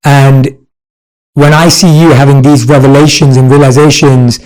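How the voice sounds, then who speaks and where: A man's voice: medium pitch, flat delivery, moderate pace, a little mellow, low-quality recording. A man with a British accent hosting an interview, earnest and full of praise for his guest. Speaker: podcast host. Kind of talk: conversational interview.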